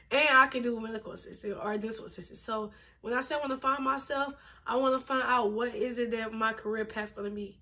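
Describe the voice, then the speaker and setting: A chatty young woman in her twenties vlogging straight to camera, her voice sitting a touch high. She talks casually and emphatically, leaning on fillers, and is a little short of breath from pregnancy. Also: fairly quick, pushed and bright. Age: 20s. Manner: chatty, emphatic, uses lots of fillers and laughs.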